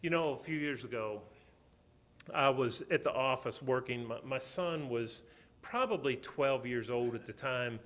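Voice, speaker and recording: A middle-aged man preaching a sermon, telling stories, swinging between loud, emphatic passages and quiet, soft ones. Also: mid-range voice.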